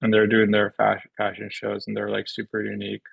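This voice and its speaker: A man chatting casually as a podcast guest, halting and laid-back, full of fillers and restarts. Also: on the low side, completely flat delivery, creaky, breathy edge, no room sound, highs cut off. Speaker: podcast guest, shoe designer. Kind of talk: casual chat.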